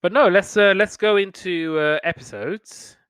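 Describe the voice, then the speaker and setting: A man in his thirties co-hosting a podcast, chatting casually and halting with frequent restarts. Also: sits high, a bit bright, clean tone, dry recording. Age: 30s. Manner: halting, hesitant, restarts often. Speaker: podcast co-host. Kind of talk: casual chat.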